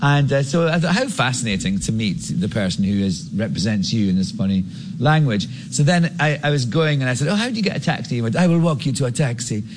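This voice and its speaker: A man's voice: mid-range voice, expressive, a little fast. A man telling a funny anecdote in an interview, laughing as he goes. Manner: amused, laughing storyteller. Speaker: guest actor telling an anecdote. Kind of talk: storytelling in an interview clip.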